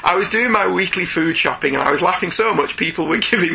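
Bright-voiced Irish-born man with a sore throat. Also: sits high, expressive, quick pace, gravelly, few pauses, poor audio. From Ireland. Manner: laughs often while reading aloud. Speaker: podcast co-host reading listener emails. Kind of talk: casual chat.

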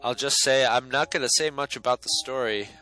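A man's voice: mid-range voice, a little fast, bright, forceful tone, soft background music, rough recording. A man giving a casual, opinionated film review, blunt and sarcastic and swearing now and then. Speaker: movie reviewer.

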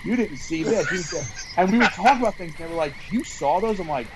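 A man's voice: fairly high pitch, lively intonation, fast, heavy background noise. A man co-hosting a podcast outdoors at a campfire, telling rambling stories, swearing and acting out quotes. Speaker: podcast co-host. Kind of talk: casual storytelling chat.

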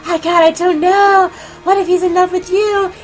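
A woman's voice: very high voice, little pitch movement, normal speed, faint music behind, voice pushed up. A woman voicing a flustered, confused young man who stammers and whines in a frantic rush. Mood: flustered panic.

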